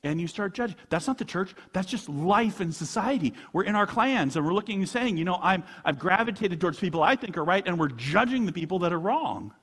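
A man's voice: high-pitched, expressive, a little fast, hardly any pauses, a bit bright, breathy edge, big-room sound. A man preaching a conversational sermon as a pastor, asking rhetorical questions and chuckling often.

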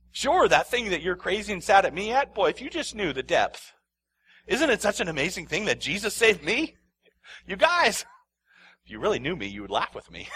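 With a high, sing-song voice at normal speed, a man preaches as pastor, repeating phrases for effect and laughing often. His delivery alternates between loud emphasis and near-whispers.

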